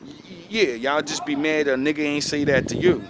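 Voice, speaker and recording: A man's voice: a little high, flat delivery, brisk, very noisy. A man ranting casually to the camera outdoors, rambling, profane and confrontational.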